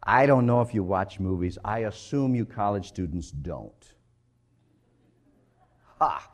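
A male preacher delivering a sermon, telling a story with big swings between loud and hushed. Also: on the low side, sing-song, slow.

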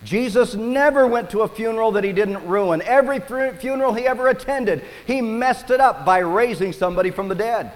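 A male pastor with a higher voice delivers an expressive storytelling sermon, echoing with long hall reverb. He preaches animatedly, using dramatic pauses.

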